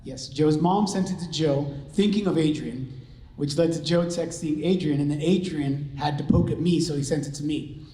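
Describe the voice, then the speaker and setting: A middle-aged father shares his testimony in an earnest, conversational way, stumbling through fillers and restarts. His voice sits a little high and sounds mellow and soft-edged. The room around him rings with echo. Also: normal speed. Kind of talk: personal testimony talk. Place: large room with an audience. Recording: echoey room.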